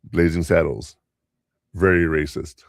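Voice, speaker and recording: Low gravelly older man chatting. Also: steady tone, measured pace, no echo, clean studio sound. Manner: rambling storyteller, quoting others in voices. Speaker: podcast host. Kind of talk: casual podcast chat.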